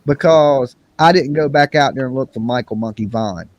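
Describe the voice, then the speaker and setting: A man hosting a casual livestream chat, slangy and animated, mimicking other people's voices as he talks. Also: mid-range voice, moderate pace, no echo. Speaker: livestream host. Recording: faint background noise.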